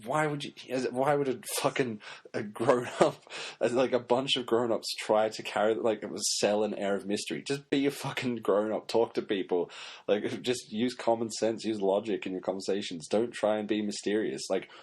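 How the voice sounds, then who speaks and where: Casting: male podcaster, low husky voice, sarcastic sweary rant. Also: moderate pace, a little mellow. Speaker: podcast host. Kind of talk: casual solo commentary.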